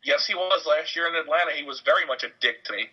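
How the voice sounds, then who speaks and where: A young man chatting casually, his voice sharp and very bright. He tells stories animatedly and acts out the people in them. The audio is dull and lo-fi. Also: on the high side, fast, husky. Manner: animated storyteller, acts out quotes. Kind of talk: casual chat.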